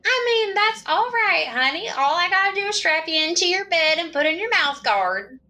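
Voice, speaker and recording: Sugary asylum nurse calling the patient honey, played by a woman, bright tone, lively pitch. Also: moderate pace, exaggerated voice. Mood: coaxing. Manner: sweet, coaxing, calls patient honey. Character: soothing female asylum nurse.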